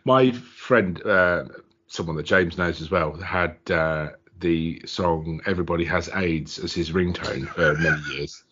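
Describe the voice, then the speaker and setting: Speaking a little slowly in a low, slightly rough voice, a man co-hosts a podcast. He's an animated storyteller who acts out quotes during the casual conversation, and the recording sounds muffled and lo-fi.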